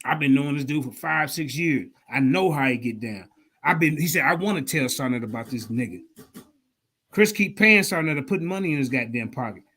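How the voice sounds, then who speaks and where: A high-pitched man rants at a rival on a livestream. He talks fast and swears constantly, calling people out and refusing to back down. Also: lively intonation, pushed and bright. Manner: profane, confrontational, fast-talking. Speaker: show host. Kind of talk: heated livestream rant.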